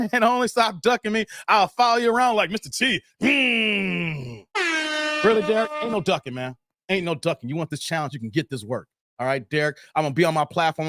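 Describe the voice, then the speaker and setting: Male stream host, higher voice, playful banter, dry close sound. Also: a bit bright, no room sound. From Chicago area. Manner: laid-back, playful, trash-talking banter. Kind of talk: casual live stream chat reading comments.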